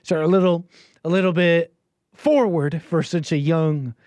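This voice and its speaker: A man's voice: fairly high pitch, steady tone, a little slow, darkish tone, no room sound. A man hosting a call-in livestream, reacting to clips in casual, rambling commentary with many fillers and a sarcastic, dismissive edge. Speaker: livestream host taking calls.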